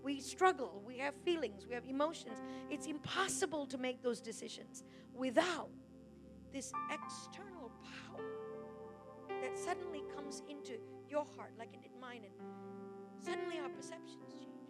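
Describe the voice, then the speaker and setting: A woman preaching a sermon in a church hall, loud and fervent, with quick asides and restarts. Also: high voice, lively intonation, loud music behind the voice.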